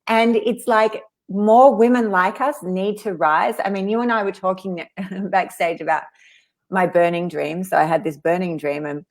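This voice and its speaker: A woman hosting a casual interview, chatty and quick to laugh, with lots of "like" in her speech. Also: mid-range voice. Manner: chatty, laughs often, says "like" a lot. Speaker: podcast host.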